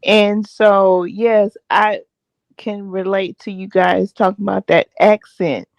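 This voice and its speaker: Slow-talking woman over dull stream audio. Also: mid-range voice, fairly even intonation, no echo. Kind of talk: casual group chat on a live stream.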